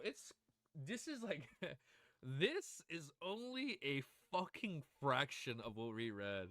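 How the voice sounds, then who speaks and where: A man streaming casually, chatting excitedly with his audience, swearing and gushing, at times near tears. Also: medium pitch. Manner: excitable, swears often, gushes and laughs. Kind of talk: casual livestream chat.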